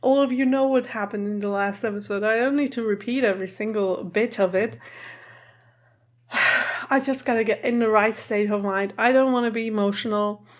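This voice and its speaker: A teary, emotional woman chats and giggles through a casual reaction vlog. She keeps her voice down in a room at home. Her pitch sits in the middle range. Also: fairly even intonation, moderate pace. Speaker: reaction video host.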